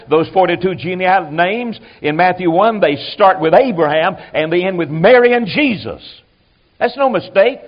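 A man preaching a sermon, animated, acting out quoted voices and dropping to quiet asides. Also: sits high. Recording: dull lo-fi sermon recording.

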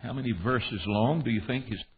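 A man's voice: mid-range voice, moderate pace, breathy edge. An American man teaching a Bible class for men, telling stories and asking his class questions. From United States. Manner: animated, storytelling, quizzes his class. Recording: tinny phone-like recording with faint hiss.

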